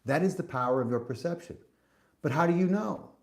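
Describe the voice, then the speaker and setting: A man's voice: on the high side, animated, a little fast. A man hosting a podcast, delivering a spiritual monologue in an emphatic, preachy way, cursing and restarting often. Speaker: podcast host.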